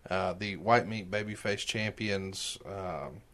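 A man's voice: low-pitched, slow, a bit bright. A man co-hosting a podcast, asking questions and sharing his enthusiasm as a fan in casual chat. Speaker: podcast co-host.

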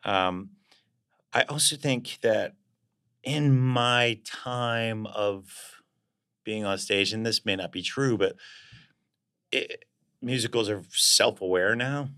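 A man's voice: on the low side, slow pace, pauses often, pushed and bright. A man being interviewed as a guest actor, talking in a reflective, casual way and searching for words as he goes.

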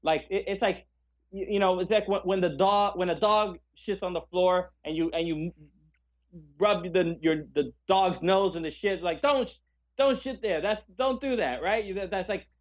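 A man co-hosting a podcast in casual chat, passionate and halting, often searching for his words. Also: high-pitched, fairly even intonation, lo-fi sound. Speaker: podcast co-host.

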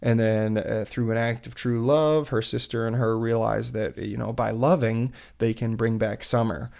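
Brief: thirties dad, gravelly, mid-pitched, loose rambling chat full of ums and restarts. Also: male voice, steady tone, normal speed, darkish tone. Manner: rambling, chatty, many fillers and restarts. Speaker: parent recounting a theme park trip. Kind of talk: casual chat.

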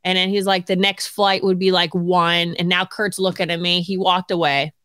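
A woman's voice: fairly low pitch, normal speed, no room sound. A woman in her forties, co-hosting a podcast, telling a story in casual chat, laughing often and acting out what others said. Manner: animated, laughing often, acts out quotes. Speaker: podcast co-host.

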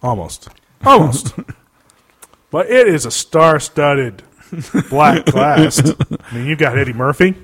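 Male podcast host, casual and sarcastic; expressive, slightly high delivery. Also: takes it slowly, breathy edge. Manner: animated, sarcastic, laughs a lot. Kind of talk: casual chat.

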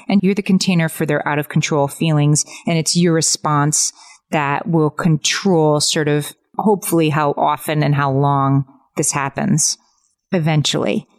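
Low-voiced woman giving parenting advice. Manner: explanatory, advice-giving, animated quotes. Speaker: podcast co-host. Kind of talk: casual parenting chat.

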